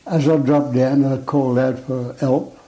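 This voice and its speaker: An older man recalling events in a halting, plain-spoken way in an interview. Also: mid-range voice, fairly even intonation, mellow, low-quality recording. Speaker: war veteran interviewee.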